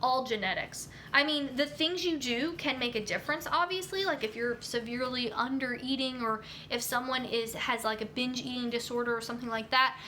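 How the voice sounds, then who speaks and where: A woman's voice: on the high side, a little fast, few pauses, sharp tone, slight background noise. A young woman hosting a casual live stream about nutrition, reading viewer comments and answering in a chatty way, with lots of ums and you-knows. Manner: chatty, many fillers like um and you know.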